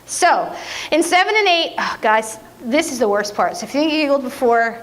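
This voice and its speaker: Lady preacher, talks high, jokey and playful, pokes fun at herself a lot. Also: normal speed. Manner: playful, self-mocking and animated. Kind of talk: conversational sermon.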